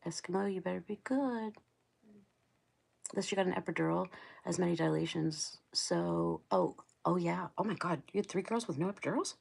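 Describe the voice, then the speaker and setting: On her relaxed livestream, the middle-aged Ohio host rambles along at a moderate pace, her low voice darkish and touched with vocal fry. She laughs frequently and keeps replying to the chat.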